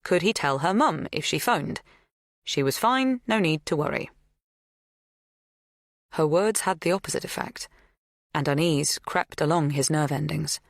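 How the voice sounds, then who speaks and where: A woman narrating an audiobook thriller in a measured, even scripted delivery. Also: low-pitched, vocal fry, no echo, clean studio sound.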